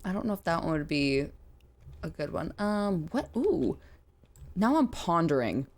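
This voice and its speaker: A woman's voice: lowish voice, sing-song, unhurried, a little mellow. A woman guest on a podcast who jokes playfully at her own expense and laughs often. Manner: playful, self-mocking, frequent laughter. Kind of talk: casual podcast chat.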